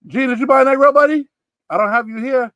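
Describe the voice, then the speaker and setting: A man hosting a live comic auction stream, telling stories in an animated way and swearing freely. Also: very high-pitched, fast talker, dry recording, highs cut off. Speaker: comic shop stream host. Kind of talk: casual live auction chat.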